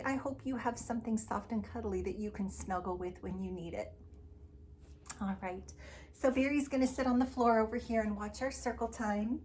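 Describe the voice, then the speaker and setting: A woman teacher reading a picture book aloud to young children, animated and coaxing them to join in with animal sounds. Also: high voice. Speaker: preschool teacher.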